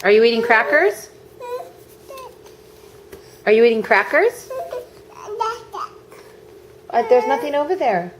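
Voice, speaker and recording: A woman's voice: fairly high pitch, expressive, takes it slowly, long pauses, background noise. Singsong mother coaxing her toddler. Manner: singsong, coaxing, repeats questions. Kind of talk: baby talk to a toddler.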